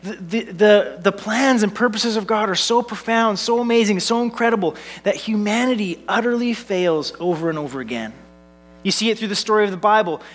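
A man in his thirties preaching from the pulpit with a notably high-pitched voice. He builds his points through repeated phrases and lightens the message with family anecdotes, staying earnest throughout. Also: fairly quick. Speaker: pastor. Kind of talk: sermon.

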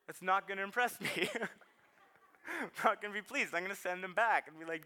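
Chatty, bright-voiced male preacher. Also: high-pitched, brisk, clean tone. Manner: chatty, self-deprecating, laughs often, repeats words. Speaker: pastor. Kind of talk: sermon.

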